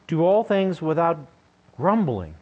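A man's voice: on the high side, very animated, takes it slowly. Older guy giving a sermon, talks like a chat, jokes, throws questions at the room, muffled lo-fi sound. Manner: conversational, joking, asks the listeners questions. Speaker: pastor. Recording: dull lo-fi recording.

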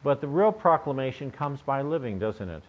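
A man's voice: medium pitch, very animated, normal speed. An older man preaching a sermon in a conversational, joking way, often asking his listeners questions. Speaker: pastor. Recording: dull lo-fi recording.

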